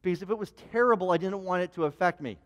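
A man preaching a sermon, telling a personal story in an animated way, with frequent restarts and stammered repeats. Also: high-pitched, racing. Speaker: pastor. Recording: long hall reverb.

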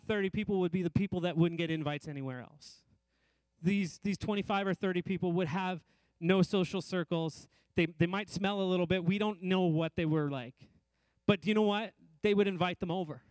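A middle-aged man preaching a sermon to a congregation, speaking in repeated rhythmic phrases and rising and slowing down on key lines. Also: high-pitched, a little mellow, dry recording. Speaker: pastor.

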